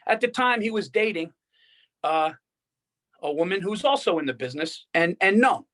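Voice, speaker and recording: A man's voice: sits high, animated, moderate pace, fairly bright tone. A man co-hosting a casual comedy podcast, telling rambling, profane, worked-up stories. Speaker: podcast co-host.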